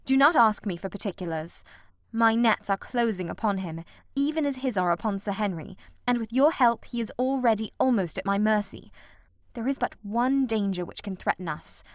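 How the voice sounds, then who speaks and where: A woman's voice: fairly high pitch, moderate pace, dry recording, studio quality, lightly acted. A woman reading the lines of a commanding male detective in an audiobook, clipped and sure. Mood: measured. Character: sharp brilliant male detective, urgent.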